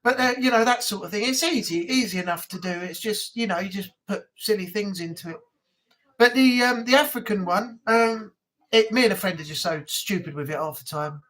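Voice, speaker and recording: A man's voice: high-pitched, brisk, fairly bright tone. A man from England hosting a casual live chat, rambling with many ums. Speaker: live stream host.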